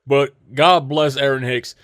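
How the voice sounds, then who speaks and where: A man hosting a casual sports talk show, animated and mocking, breaking into laughter often. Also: mid-range voice, measured pace, smooth, no room sound, studio quality. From United States. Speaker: podcast host.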